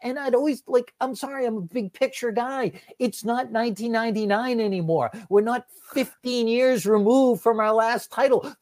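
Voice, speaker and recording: A man's voice: extremely high pitch, moderate pace, few pauses, darkish tone. A man talking as a guest on a casual sports podcast, rambling and restarting as he breaks down football players. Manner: rambling, self-correcting football talk.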